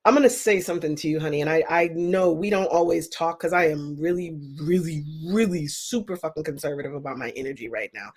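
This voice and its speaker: A woman giving live-stream psychic readings to viewers, chatty and emphatic, with sudden animated outbursts. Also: low-pitched, breathy edge. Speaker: psychic reader.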